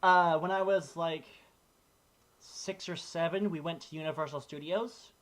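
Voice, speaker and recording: A man's voice: fairly high pitch, a little slow. A man in casual podcast chat, telling rambling stories with lots of restarts. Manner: rambling, animated storytelling with many restarts. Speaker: podcast co-host.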